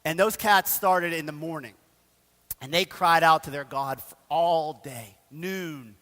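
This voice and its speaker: A man preaching a sermon, telling the story in a casual, animated way with slang. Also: a little high, unhurried, long reverb tail. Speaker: pastor. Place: church sanctuary.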